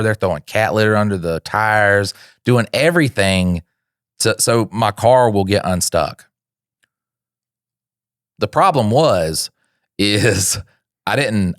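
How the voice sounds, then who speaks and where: A man's voice: fairly low pitch, dry recording, clean studio sound. A man co-hosting a podcast, telling a story in a casual, self-mocking way, laughing and teasing. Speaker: podcast co-host.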